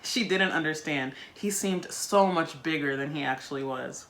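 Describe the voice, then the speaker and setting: Bright, chatty woman reading aloud. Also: sits low, normal speed. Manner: chatty, wry asides between read passages. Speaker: book-reading video host. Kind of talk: casual chat while reading a book aloud.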